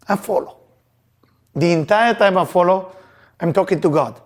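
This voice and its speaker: Emphatic male Kabbalah teacher, loose grammar, a touch high, storytelling before a live class. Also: moderate pace. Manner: emphatic, animated, loose non-native grammar. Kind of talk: lesson with personal storytelling.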